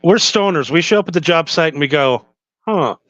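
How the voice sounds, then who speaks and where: Crude, laughing man with a higher voice. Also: fast talker, a bit bright, no room sound. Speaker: podcast co-host. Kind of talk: casual chat. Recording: dull, dry recording.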